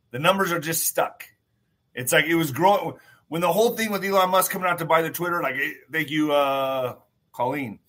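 A man's voice: fairly high pitch, a bit bright. A man hosting his own livestream in casual talk, emphatic, repeating phrases and swearing freely. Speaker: show host.

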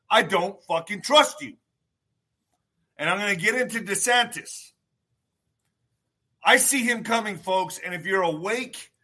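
Emphatic bright-voiced man hosting a stream. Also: high voice. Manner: emphatic, repeats phrases; swears freely. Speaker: show host. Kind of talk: casual livestream talk.

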